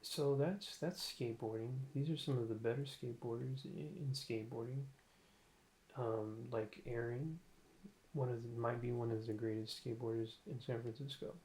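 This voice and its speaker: A man's voice: mid-range voice, fairly even intonation, moderate pace, darkish tone. A man casually commenting while he watches and skips through videos, with offhand, wry asides. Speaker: streamer reacting to videos.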